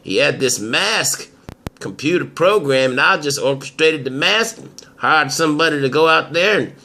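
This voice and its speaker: A man voicing a scheming older father in an amateur soap drama, speaking low, gruff and slow. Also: animated, bright, forceful tone, slight background noise. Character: scheming older father, a crook, proud of his son.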